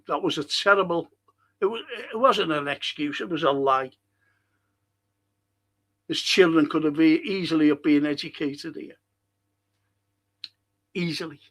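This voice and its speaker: An older man from Liverpool with a strong Scouse accent hosts a casual live-stream chat. His voice sits high, and he rants with passion, jumping between loud bursts and low mutters as he reads out viewer messages. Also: measured pace, pauses often. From Liverpool, England. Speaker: podcast host reading chat.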